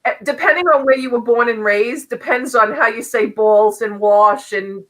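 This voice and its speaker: Bronx lady in her 50s, teacher, bright voice, chatty. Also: on the high side, normal speed, low-quality recording. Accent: Bronx, New York. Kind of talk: casual livestream chat.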